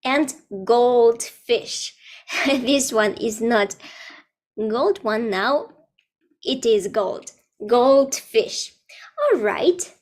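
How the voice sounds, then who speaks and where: A woman's voice: on the high side, animated, very slow, long pauses. A woman in her twenties teaching an online English lesson for children, explaining simple words in a playful way and laughing often. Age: 20s.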